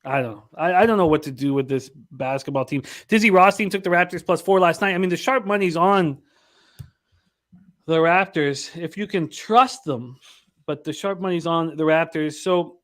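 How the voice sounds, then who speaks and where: Male betting-show host with a high voice: frustrated, profane, rambling read of lines and stats. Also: normal speed, a bit bright. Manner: swears a lot, frustrated, rambling. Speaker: sports betting podcast host. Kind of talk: casual sports betting talk.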